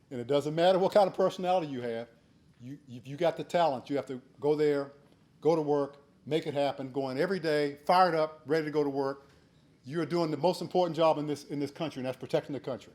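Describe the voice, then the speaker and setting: A man in his sixties giving a keynote speech, telling a folksy story and becoming animated when he acts out shouted quotes. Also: on the high side. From United States. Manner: earnest and urging in advice. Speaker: keynote speaker.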